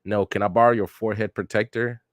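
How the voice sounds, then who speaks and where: A man's voice: lowish voice, little pitch movement, fast talker, dry recording, close to an everyday voice. A man casually reading the lines of a brash, stubborn orphan ninja boy from a manga, in his own plain voice. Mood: boastful. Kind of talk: casual manga read-aloud.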